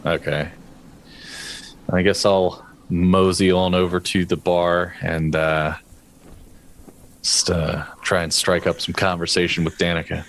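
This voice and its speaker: Deep slow-talking man playing his character. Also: level tone, slight background noise, poor audio. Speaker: player. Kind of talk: playing a tabletop game in character.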